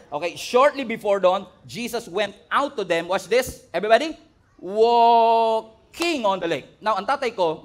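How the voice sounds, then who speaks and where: A man's voice: fairly high pitch, fairly bright tone. A man with a Filipino accent preaching a sermon as pastor, playful, joking and having the congregation repeat words after him. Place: church stage before a congregation.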